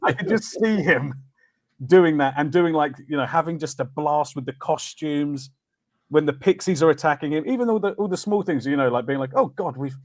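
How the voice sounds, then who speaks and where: A man's voice: a little high, brisk, a little mellow, no room sound. A man co-hosting a casual film podcast, enthusiastic and fond of acting out quotes. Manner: enthusiastic, acts out quotes in silly voices. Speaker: podcast co-host.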